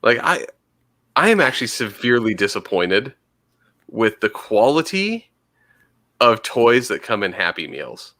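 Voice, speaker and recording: A man with a bright, forceful voice co-hosts a casual podcast chat. He talks in an animated way, swears freely, and often trails off and restarts. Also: on the low side, a little slow, pauses often. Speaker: podcast co-host.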